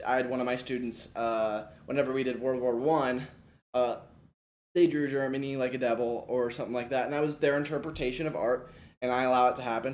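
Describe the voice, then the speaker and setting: A young man, a first-year special education teacher, casually walking through a lesson plan with many fillers and restarts. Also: medium pitch.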